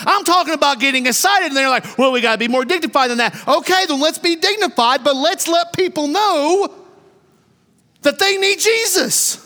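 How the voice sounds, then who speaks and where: A man preaching a sermon in a church, fervent, rising to shouts and then dropping low. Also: in a large hall. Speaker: pastor. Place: church sanctuary.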